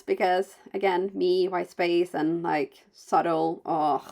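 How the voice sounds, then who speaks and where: A woman's voice: lowish voice, fairly even intonation, slow pace, creaky, hardly any pauses, a little mellow. Chatty non-native English-speaking woman crafter. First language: not English. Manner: chatty and rambling, with many fillers and self-corrections; bubbly, with playful asides. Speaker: card-making vlogger. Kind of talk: casual voice-over narration of a crafting video.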